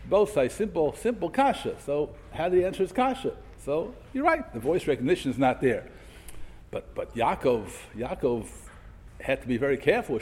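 Guy teaching a torah class, bouncy pitch, slightly husky, big echoey hall. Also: a little mellow. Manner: mixes Hebrew quotes with English explanation, asks questions. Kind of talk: Torah lesson.

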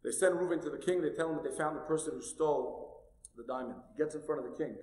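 A man telling a traditional tale with animated delivery, going from loud to hushed. His voice sits a little high. The sound carries a long hall reverb. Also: quick pace. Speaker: storyteller. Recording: echoey hall.

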